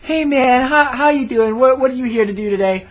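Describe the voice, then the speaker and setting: A young man imitating an overly peppy male skydiving cameraman who asks loud, bouncy questions. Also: very high-pitched, brisk, voice pushed up. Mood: hyped.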